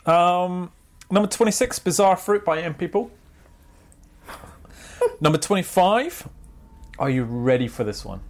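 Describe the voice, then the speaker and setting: A man's voice: high-pitched, expressive, unhurried, long pauses. A man co-hosting a podcast in casual chat, teasing his co-host and reading out a chart countdown. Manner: laughing, teasing, reads out chart list.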